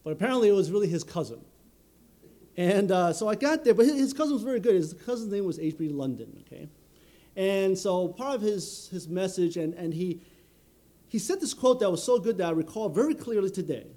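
A man preaching a sermon in an earnest, measured way, often filling pauses with "you know". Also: high voice, animated, dark tone.

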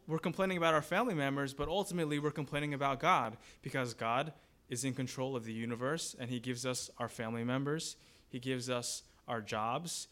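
A man's voice: medium pitch, a bit bright. A man preaching a sermon as pastor, in a conversational way, asking the congregation questions and briefly acting out grumbling voices.

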